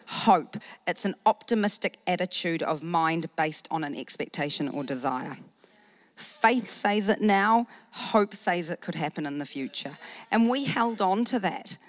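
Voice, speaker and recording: A woman pastor in her thirties with a New Zealand accent, telling a personal faith story in a sermon, animated, acting out what people said. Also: medium pitch, no echo. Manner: animated storytelling with acted-out quotes.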